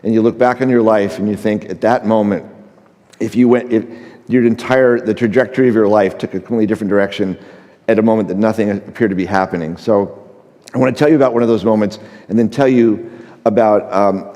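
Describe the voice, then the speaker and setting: A man's voice: on the low side, fast, dark tone, in a large hall. A middle-aged man, a photographer speaking on a conference stage, tells an anecdote and acts out the dialogue, with frequent fillers. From United States. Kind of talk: storytelling talk on stage. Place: large conference stage before an audience.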